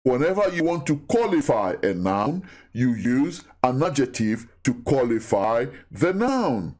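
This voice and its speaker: A man giving a recorded Bible teaching, who talks deliberately, repeats key phrases and asks his listeners questions. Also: medium pitch, big pitch swings, darkish tone.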